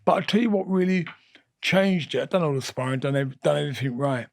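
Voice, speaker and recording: A man in his sixties, a boxing guest telling fight stories in an energetic, animated way and repeating his phrases. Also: fairly high pitch, fast talker, gravelly, no echo, studio quality. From England. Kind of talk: animated storytelling interview.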